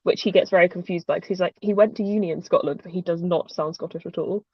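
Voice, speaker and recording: A woman's voice: fairly low pitch, fairly even intonation, quick pace, breathy edge, no echo, highs cut off. Chatty British woman with a dry sound. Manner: rambling and chatty, with many ums and laughs. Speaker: host. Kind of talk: casual chat on a livestream.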